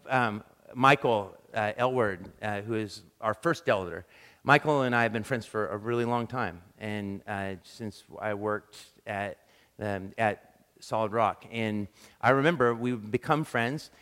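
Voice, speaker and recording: A man preaching a sermon, telling animated, self-deprecating stories and acting out quick quotes. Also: medium pitch. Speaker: pastor. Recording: long reverb of a large hall.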